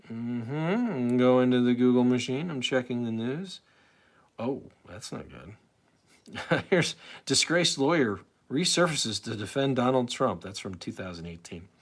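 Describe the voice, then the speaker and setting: Rambling middle-aged male streamer. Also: mid-range voice. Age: 40s. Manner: rambling, self-interrupting, many fillers. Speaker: live stream host. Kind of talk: casual live stream chat.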